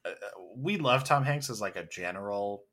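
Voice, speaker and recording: A man's voice: lowish voice, animated, moderate pace, a bit bright. A man co-hosting a podcast, chatting casually about films with lots of fillers and restarts. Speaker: podcast co-host. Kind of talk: casual movie chat.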